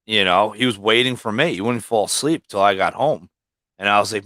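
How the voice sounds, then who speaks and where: Brisk and lowish, this man's voice sounds pushed and bright with no echo. As a guest on a livestream, he rambles casually through long stories, swearing heavily throughout.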